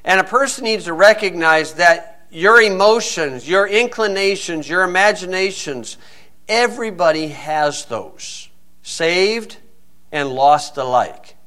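A man's voice: sits high, lively intonation, slow, sharp tone. A middle-aged man preaching a sermon, blunt and scornful, firing off rhetorical questions.

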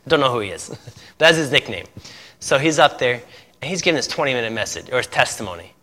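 A man preaching and recounting a testimony with lively energy, his tone bright and forceful. He laughs often and acts out the other voices in his story. His voice rings out with a long echo in a large hall. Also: medium pitch, fast. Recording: echoey hall.

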